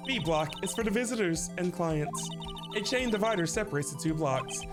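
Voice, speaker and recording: A man's voice: high voice, expressive, normal speed. Male reader playing a brash businesslike woman ex-detective, smug and teasing, over game music.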